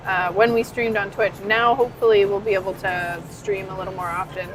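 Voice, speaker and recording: A woman's voice: mid-range voice, steady tone, a little fast, music in the background, low-quality recording. A woman co-hosting a casual live stream from an arcade, chatty and rambling, often trailing off mid-sentence. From Canada. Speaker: arcade co-owner and stream co-host.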